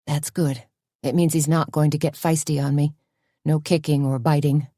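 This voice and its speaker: A woman as a calm, steady amateur sleuth. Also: normal speed, no echo, studio quality. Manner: calm, low-key, reassuring. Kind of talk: audiobook character voice.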